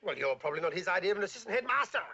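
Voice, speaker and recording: A man's voice: high voice, very animated, rapid-fire, sharp tone, husky, full character voice. An actor playing a pompous, sarcastic male school headmaster in a 1960 British film comedy. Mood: sardonic. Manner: blustering and sarcastic. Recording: dull old film soundtrack.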